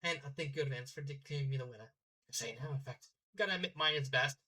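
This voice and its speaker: A man's voice: medium pitch, quick pace, bright, forceful tone, low-quality recording. A man voicing a haughty rich young noble girl with a put-on Norse accent, boastful and showy. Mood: smug. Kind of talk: fanfiction reading.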